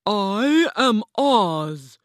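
A woman reading a storybook aloud, voicing Oz, a grand and commanding female ruler, with slow, drawn-out, imperious delivery. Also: mid-range voice, sing-song, no room sound, clean studio sound, pitched above the performer's own voice.

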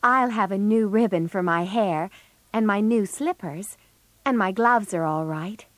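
A woman's voice: medium pitch, unhurried, no echo, natural voice. A woman voicing an eager, fussy teenage girl in a storybook reading. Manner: excited, pleading.

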